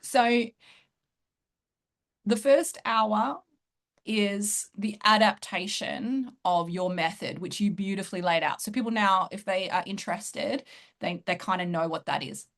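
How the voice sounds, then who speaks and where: A woman coach talking through her group program in a casual interview, excited and quick to laugh. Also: medium pitch. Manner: excited, laughs often, fast bursts. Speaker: host and coach.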